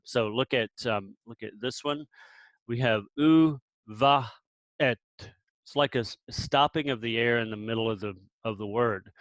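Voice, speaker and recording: A man with a mid-pitched voice teaches Biblical Hebrew letters, patient and relaxed. He slows down to repeat sounds for his learners and often restarts his sentences. The recording is close and dry, with no room sound. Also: dry recording, poor audio. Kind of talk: explaining with pauses and restarts.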